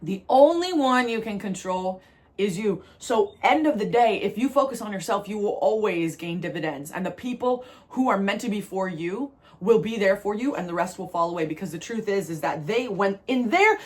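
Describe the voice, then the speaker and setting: A tarot reader from New Jersey gives a spiritual reading, speaking to viewers in a medium-pitched voice at a moderate pace. She is animated, repeats phrases for emphasis, and laughs often.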